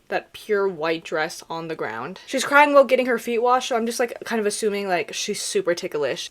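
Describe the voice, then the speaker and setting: Young woman roasting videos, sarcastic and animated, slightly high voice. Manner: sarcastic, animated, laughing asides. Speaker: reaction video creator. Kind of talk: comedic commentary.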